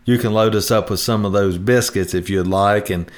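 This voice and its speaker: A man's voice: on the low side, steady tone, moderate pace. A man hosting a retirement planning show in a chatty, homespun way, rambling with restarts. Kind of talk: folksy radio talk.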